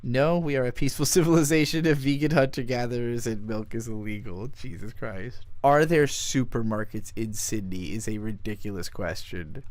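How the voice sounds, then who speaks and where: A man reads jokes aloud on stream and adds sardonic, sweary asides. His voice is smooth and resonant. The sound is dry and close, with no room echo. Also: mid-range voice. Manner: sardonic, swears, laughs while reading. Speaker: streamer reading a viewer's request. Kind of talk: casual reading with commentary.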